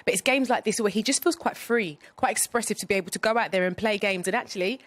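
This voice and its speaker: A woman presenting a post-game basketball show, brisk and upbeat, putting questions to her pundits. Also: mid-range voice. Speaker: sports presenter.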